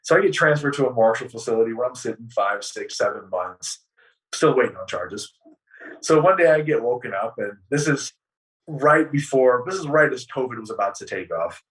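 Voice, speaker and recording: A man with a bright, forceful voice tells his story as an interview guest, swearing freely and acting out what others said. He sits a little back from the microphone, so the sound has some distance. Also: mid-range voice, normal speed. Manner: animated, profane storytelling, acting out dialogue.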